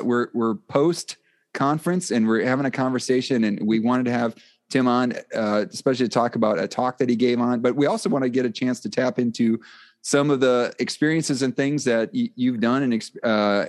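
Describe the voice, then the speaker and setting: A man hosts a podcast interview in an upbeat, announcer-like manner. His pitch sits in a middle range for a man. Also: moderate pace. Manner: upbeat announcer-style intro. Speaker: podcast host.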